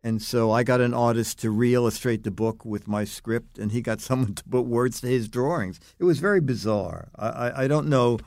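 Older man telling animated anecdotes. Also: medium pitch, normal speed, few pauses, no room sound, clean studio sound. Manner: animated anecdotes, acts out others' lines. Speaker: guest, longtime magazine writer. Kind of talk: podcast interview storytelling.

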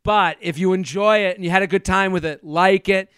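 A man's voice: high voice, fairly quick, fairly bright tone, clean tone, dry recording, clean studio sound. A man who is a comedian guest, telling casual stories in a rambling, self-interrupting way and laughing often. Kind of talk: casual storytelling.

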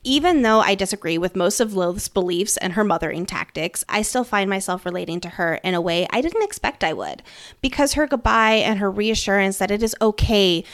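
A woman's voice: mid-range voice, animated, fairly quick. A young woman co-hosting a book podcast, talking in an earnest, reflective way that turns emotional. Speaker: podcast co-host. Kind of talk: casual book discussion.

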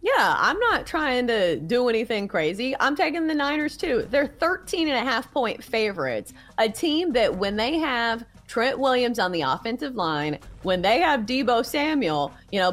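A woman with a Southern US accent leads a casual football podcast. She is chatty and playful and keeps asking the panel questions. Her pitch rises and falls freely. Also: fairly bright tone. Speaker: sports podcast host. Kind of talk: casual sports chat.

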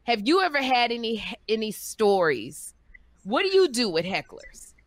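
A woman comedian who co-hosts a podcast and tells stories in an animated way, acting out the people she quotes. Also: on the high side, normal speed. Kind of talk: animated storytelling.

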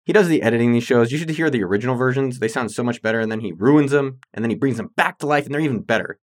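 Fast-talking upbeat man hosting a podcast. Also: mid-range voice, dry recording, studio quality. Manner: upbeat, playful, salesy. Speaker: podcast host. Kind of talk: energetic solo podcast talk.

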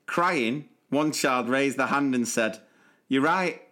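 A man's voice: medium pitch, takes it slowly, fairly bright tone. A man co-hosting a podcast, chatting casually and reading listener stories aloud with playful emphasis. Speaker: podcast co-host.

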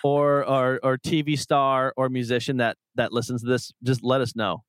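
A man's voice: medium pitch, flat delivery, moderate pace, smooth, no room sound. A man co-hosting a podcast in casual banter, telling a playful, rambling story and joking with his co-host.

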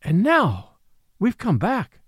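A man voicing a merry, passionate young woman who cries out excitedly, in an English accent, in an audiobook reading. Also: medium pitch, measured pace, no room sound, studio quality, pitched above the performer's own voice.

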